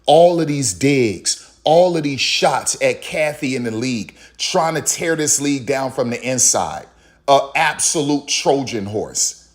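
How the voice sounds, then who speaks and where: A man's voice: medium pitch, animated, a little slow. A man delivering heated, opinionated sports commentary, repeating himself for emphasis and acting out what others said. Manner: heated, repetitive, emphatic, acts out others in quotes. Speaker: commentary channel host.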